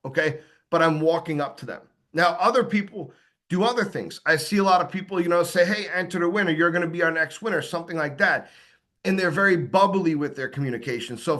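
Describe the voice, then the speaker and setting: A man's voice: on the high side, pushed and bright. A man giving a casual sales training talk, acting out sample lines of dialogue, with plenty of fillers and restarts. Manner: conversational, acts out sample dialogue, many fillers.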